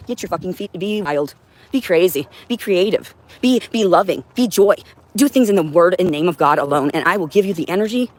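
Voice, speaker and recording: A woman's voice: fairly low pitch, lively intonation, fairly quick, darkish tone, slight background noise. A woman hosting a livestream, talking to her audience in a rambling, intense and profane monologue at home. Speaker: livestream host. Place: indoors at home with a cat.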